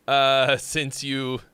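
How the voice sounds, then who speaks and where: Man, livestream host, casual rambling chat, crisp voice, dry sound. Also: medium pitch, no echo. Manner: rambling, jokey, with sudden loud shouts. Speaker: livestream host reviewing songs.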